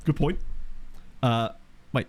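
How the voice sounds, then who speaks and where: A man's voice: medium pitch, slow. A young man chatting casually while streaming a football management game, with wry asides and replies to chat. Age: young adult. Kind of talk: casual live-stream commentary. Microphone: desk microphone.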